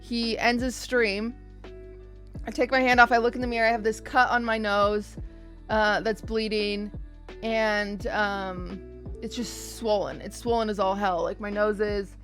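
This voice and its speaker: A young woman streamer telling her chat a story in a casual, animated way, often restarting and repeating words. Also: mid-range voice, measured pace, faint music behind.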